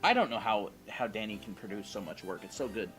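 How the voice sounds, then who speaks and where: A woman's voice: rumbling low, animated, a little fast. A woman co-hosting a live art stream, chatting casually and joking playfully. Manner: playful and jokey. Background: faint Christmas music.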